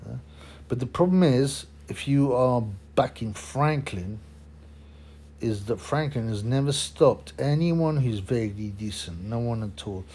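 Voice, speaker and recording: A man's voice: medium pitch, animated, measured pace, darkish tone. Rambling opinionated man. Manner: rambling, opinionated, many fillers and restarts. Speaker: boxing channel host. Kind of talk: casual monologue.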